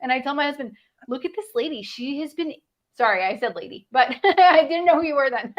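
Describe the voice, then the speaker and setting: Chatty woman on a livestream call, slightly high voice. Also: expressive, quick pace. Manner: chatty, laughing, rambling comment. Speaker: livestream participant. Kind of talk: casual chat.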